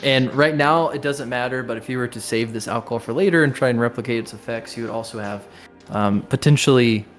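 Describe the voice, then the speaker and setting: Young male game master, mid-pitched, casual rambling rules talk, online call, light music bed. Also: brisk. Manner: rambling, relaxed explanations with many fillers. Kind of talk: running a tabletop game over voice chat.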